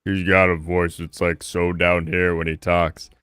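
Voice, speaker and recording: A man's voice: deep voice, flat delivery, measured pace, a bit bright, clean tone, no room sound, studio quality, faint music behind. A man chatting casually in a rambling way, searching for words. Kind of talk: casual chat.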